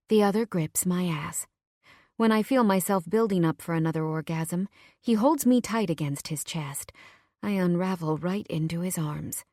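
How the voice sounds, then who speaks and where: A woman narrating a first-person romance audiobook in a soft, intimate, measured voice on a close mic. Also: lowish voice, no echo.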